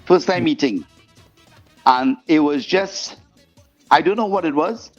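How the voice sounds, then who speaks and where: A man being interviewed as a guest singer, telling stories in a lively way and acting out the voices of the people in them. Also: fairly high pitch, measured pace. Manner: animated storyteller, acts out quoted voices. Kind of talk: storytelling interview chat. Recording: muffled podcast audio with faint music.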